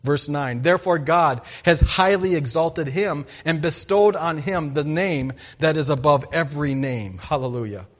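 Guy preaching a sermon, pretty high voice, gets loud then goes quiet, storytelling. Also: unhurried, few pauses. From farming background. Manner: storytelling, animated, shifts between loud and hushed. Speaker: pastor.

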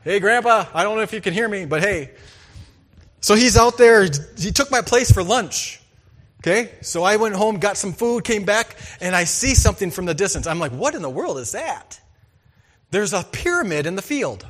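A man preaching a sermon, reading scripture and telling farm stories, swinging between loud emphasis and hushed asides. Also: high-pitched, moderate pace. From farming background. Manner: storytelling, animated, shifts between loud and hushed. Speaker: pastor.

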